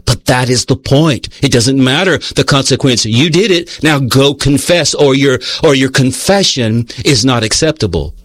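A man's voice: medium pitch, lively intonation, normal speed, hardly any pauses, no echo. A man preaching a sermon in an earnest, conversational way, telling a personal story and reading passages aloud.

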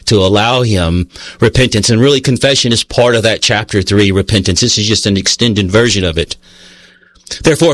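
A man's voice: medium pitch, fairly bright tone, no echo. A man preaching a sermon in an earnest, conversational way, telling a personal story and reading passages aloud.

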